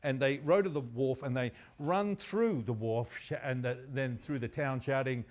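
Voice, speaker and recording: A male university lecturer tells a story in an animated, chatty way. His voice sits at a middle pitch. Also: normal speed, few pauses.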